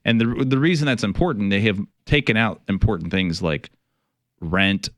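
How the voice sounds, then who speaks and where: A man's voice: fairly low pitch, moderate pace, fairly bright tone, no echo, studio quality. A middle-aged man, a financial advisor hosting a radio show, talking casually with many fillers, restarts and some wry sarcasm.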